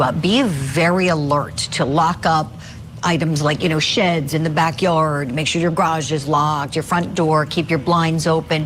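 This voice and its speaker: A woman with a very low voice moderates a panel discussion. She thanks her guests warmly by name and poses follow-up questions. A faint hiss sits behind her. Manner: appreciative, question-asking.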